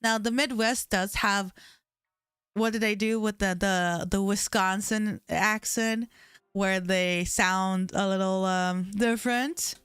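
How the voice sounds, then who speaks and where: A woman's voice: medium pitch, steady tone, takes it slowly, fairly bright tone, clear, resonant tone, no echo, studio quality. A young woman livestreaming from home, chatting casually with her chat in a rambling way, full of "like" fillers, into a desk mic.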